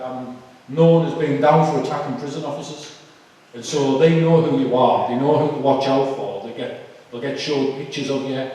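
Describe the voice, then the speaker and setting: A man's voice: medium pitch, dark tone. Man telling his testimony in an echoey hall. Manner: emotional, halting, with many fillers. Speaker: speaker giving a testimony. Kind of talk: personal testimony talk. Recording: echoey hall, far from the mic.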